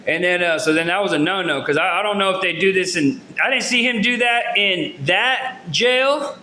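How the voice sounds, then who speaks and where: A man's voice: sits high, normal speed, bright, forceful tone, slight background noise. A man telling a long story from his own life to his viewers in loose slang, rambling and restarting his sentences with lots of fillers. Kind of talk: casual storytelling to camera. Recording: roomy echo.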